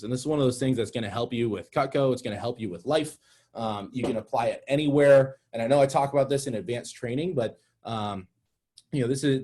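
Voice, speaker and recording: A young man giving an energetic, direct sales training talk, calling his audience "guys". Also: mid-range voice.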